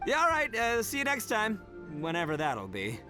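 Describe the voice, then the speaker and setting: A brash, boastful oni brawler. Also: male voice, sits high, huge pitch swings, normal speed, music in the background. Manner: loud, boastful and rambling.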